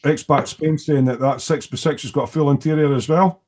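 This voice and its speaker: A man's voice: a little high, steady tone, fairly quick, a little mellow, a little hiss or hum. Chatty man hosting a video call. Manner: chatty, teasing, reads out viewer comments. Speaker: host of a model-making hangout. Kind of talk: casual group video call chat.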